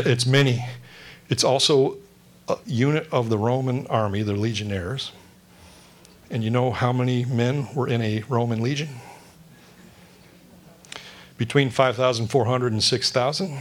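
Joking, chatty male pastor preaching. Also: mid-range voice. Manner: conversational, humorous, asks the congregation questions. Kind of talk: sermon.

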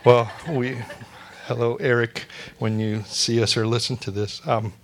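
A man's voice: medium pitch, fairly even intonation, unhurried. Man preaching a sermon with joking asides. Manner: joking asides, drops to a soft hush for prayer. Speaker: pastor. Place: church.

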